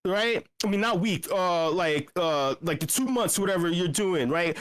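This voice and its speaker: A man's voice: moderate pace, hardly any pauses. A man telling a rambling bar story in a casual chat, swearing often, stumbling over restarts and acting out what people said. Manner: animated, profane, many restarts and fillers; acts out quoted speech with big pitch jumps. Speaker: meetup regular telling a story.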